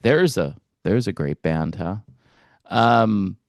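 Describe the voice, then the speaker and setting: A man hosting a music commentary channel, talking in a relaxed, hesitant way with wry asides. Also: on the low side, slow pace, dry recording, clean studio sound. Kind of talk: casual reaction commentary.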